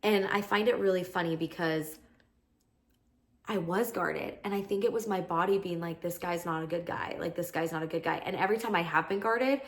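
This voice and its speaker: A woman's voice: lowish voice, fairly bright tone. A woman in her thirties hosting a podcast, telling a story in a casual, chatty monologue full of "like". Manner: chatty, peppered with "like", acts out quoted lines. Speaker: podcast host.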